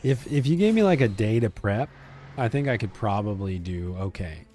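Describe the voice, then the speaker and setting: A man's voice: on the low side, expressive, normal speed, warm tone. Male streamer, casual and chatty, talking to chat over faint game music. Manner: chatty, answers chat, hesitant restarts.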